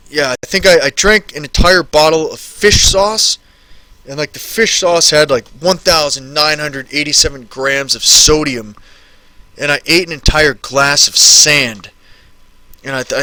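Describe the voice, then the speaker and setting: A man's voice: a little high, sharp tone, no echo. A man in his thirties casually chatting on a live stream, answering viewer questions and rambling and repeating phrases.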